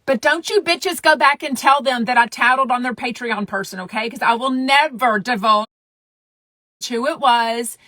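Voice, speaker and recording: A chatty woman hosting a gossip show, blunt and a little profane. Her voice is bright and sits on the high side. The sound is close and dry. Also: normal speed, dry recording. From Texas. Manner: chatty, blunt, profane, drops into a whisper for secrets. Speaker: podcast host. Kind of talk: casual gossip chat.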